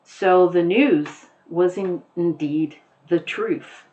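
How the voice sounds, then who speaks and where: Slow-speaking woman teacher, muffled sound. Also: lowish voice, dark tone. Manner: slow, explanatory, repeats and rephrases. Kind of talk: classroom lecture on a poem.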